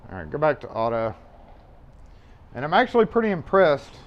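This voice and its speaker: Chatty man, rather high voice. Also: wildly swooping pitch, brisk, dull audio. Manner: rambling, offhand, swears and chuckles while working. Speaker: locksmith livestream host. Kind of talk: casual live-stream chat. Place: locksmith shop. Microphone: mobile mic.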